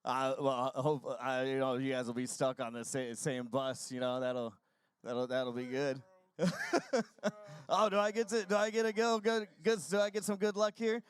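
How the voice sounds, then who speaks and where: Halting male interviewer, smooth voice. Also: mid-range voice, fairly even intonation, no echo. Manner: halting, stammering restarts. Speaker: interviewer and fellow musician. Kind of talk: casual interview questions.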